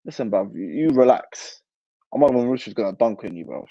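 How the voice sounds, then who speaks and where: A young man riffs on football and answers live chat, animated and full of slang. His voice is dark and mellow, recorded close and dry through a somewhat dull mic. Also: mid-range voice, brisk, no echo. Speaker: football channel host. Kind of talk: casual livestream chat.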